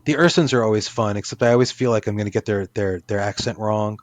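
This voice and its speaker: A man's voice: fairly low pitch, quick pace, dry recording. A man, an author, talking casually in an interview, rambling with many restarts and fillers. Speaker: author guest.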